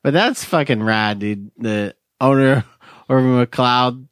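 A relaxed podcast host talks casually and laughs easily. His pitch is average for a man. The recording is close and dry. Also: slow pace, clean tone, no echo. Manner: laid-back, laughs easily, slangy.

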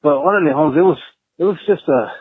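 A laid-back man leaves a voicemail and chats in slang, tacking "eh" onto his sentences. His fairly high voice is husky. It comes through a tinny phone line. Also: fast talker, dry recording. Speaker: voicemail caller. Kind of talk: casual voicemail story.

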